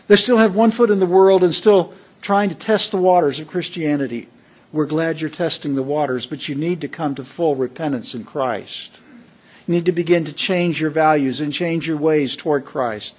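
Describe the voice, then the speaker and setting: Male preacher, sermon, husky, higher voice, emphatic, rhetorical questions to the congregation. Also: normal speed. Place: church worship assembly.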